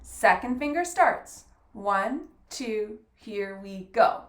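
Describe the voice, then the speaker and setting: A woman's voice: mid-range voice, animated, takes it slowly, echoey room. A woman teaching a fiddle lesson, patiently counting beats aloud and praising often. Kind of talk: encouraging music lesson.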